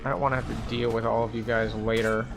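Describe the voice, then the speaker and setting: A man's voice: mid-range voice, flat delivery, fast, music in the background. A man streaming a game, giving casual, chatty and analytic commentary with frequent likes.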